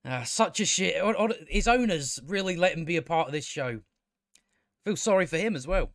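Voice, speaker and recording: A man's voice: a little high, animated, moderate pace, fairly bright tone, no echo, clean studio sound. A man giving a casual, sarcastic and exasperated spoken review of a TV show, swearing often.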